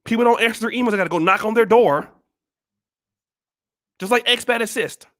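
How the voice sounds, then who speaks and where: A man's voice: high-pitched, fairly quick. A man hosting his own channel, giving a blunt, scolding motivational monologue full of repeated rhetorical questions. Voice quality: forceful, preachy. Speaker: channel host.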